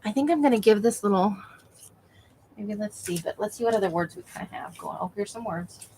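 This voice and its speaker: A woman's voice: medium pitch, lively intonation, a little fast, dark tone, a little hiss or hum, rough recording. A woman hosting a crafting livestream, chatting casually with viewers while she works and laughing often. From Nevada.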